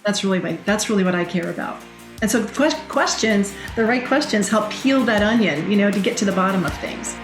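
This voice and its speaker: Middle-aged woman guest, lively storyteller, quotes others, roomy echo. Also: medium pitch, a little fast, music in the background. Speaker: guest, direct selling leader. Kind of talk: conversational podcast interview.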